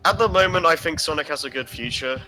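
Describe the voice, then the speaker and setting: A man hosting a podcast, talking casually and haltingly, with many restarts. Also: on the high side, expressive, loud music behind the voice, low-quality recording. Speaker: podcast host. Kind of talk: casual chat.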